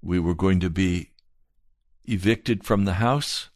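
A man preaching a slow, earnest sermon and telling a personal testimony. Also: sits low, a little mellow, no room sound, studio quality. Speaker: pastor.

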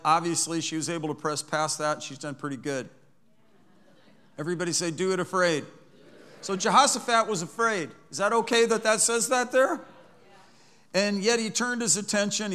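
A man's voice: a little high, bright, forceful tone, clear, resonant tone. A male pastor preaching a sermon in a church, reading scripture aloud and growing more emphatic as he goes.

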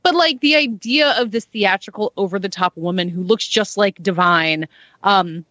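A woman's voice: mid-range voice, normal speed, pushed and bright, no room sound. A woman co-hosting a podcast, chatting enthusiastically and saying "like" often. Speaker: podcast co-host. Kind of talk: casual chat.

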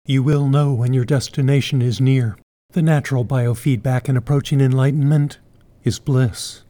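A man giving scripted meditation instructions in a slow, even, calm way. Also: mid-range voice.

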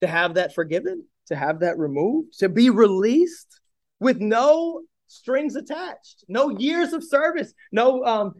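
High-voiced pastor preaching animatedly. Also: male voice, unhurried, dry recording, clean studio sound. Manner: animated storytelling with rhetorical questions. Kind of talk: sermon.

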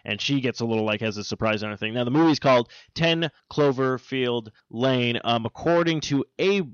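A man's voice: mid-range voice, moderate pace, smooth, no echo. Man, podcast host, casual chat, teasing, rambling, lo-fi, dry sound. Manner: teasing, rambling with many fillers.

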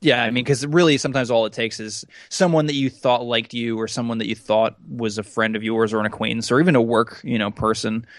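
A man's voice: mid-range voice, fairly even intonation, a little fast, hardly any pauses, no echo. A man co-hosting a casual podcast, talking in a rambling way with many restarts and frequent laughs. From United States. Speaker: podcast co-host.

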